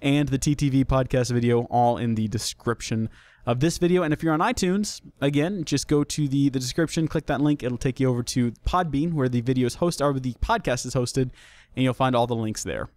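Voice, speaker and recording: A man's voice: medium pitch, fairly quick, darkish tone, dry recording. A young man hosting a casual solo podcast, chatty and jokey, often restarting his sentences. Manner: chatty, jokey, self-deprecating, with many restarts. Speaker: podcast host.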